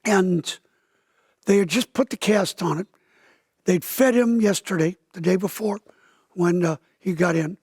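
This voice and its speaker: A pastor in his seventies tells a dramatic story in an interview, unhurried and with long pauses, his high voice a little mellow and husky. The recording is clean studio sound with no echo, and he vividly acts out the people's words with a raised voice.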